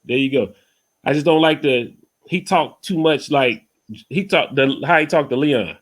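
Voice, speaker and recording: A man hosting a casual podcast over a video call, talking in a relaxed way and often saying "you know what I'm saying.". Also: a little high, moderate pace. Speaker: podcast host.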